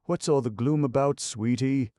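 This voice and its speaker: A man's voice: mid-range voice, moderate pace, no room sound, studio quality, voice pushed up, close to an everyday voice. A man voicing a big, hot-tempered young man who blusters and rages in an audiobook. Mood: indignant. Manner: blustering, loud, indignant.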